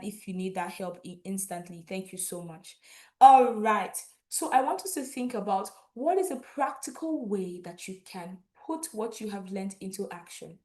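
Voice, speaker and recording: A young woman from Nigeria hosting an online graduation, chatty and lively, laughing often. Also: medium pitch. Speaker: event host.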